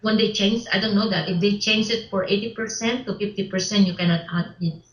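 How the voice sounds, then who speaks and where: A woman being interviewed about her film work, speaking haltingly with many restarts and broken grammar. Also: medium pitch, steady tone. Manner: halting, repeats words, non-native English grammar. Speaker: interview guest, filmmaker. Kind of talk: casual interview. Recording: roomy, dull lo-fi sound.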